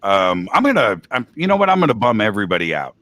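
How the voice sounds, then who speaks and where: A man's voice: fairly low pitch, big pitch swings, quick pace, fairly bright tone, dry recording. A man talking as a guest host in a casual chat, rambling and laid-back, with a slangy manner.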